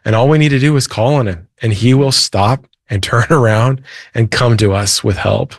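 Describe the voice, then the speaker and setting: A man's voice: mid-range voice, normal speed, no echo, clean studio sound. A man, a Christian author and preacher, earnestly retelling a Bible story as a guest in a faith interview. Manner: earnest, retells scripture with feeling.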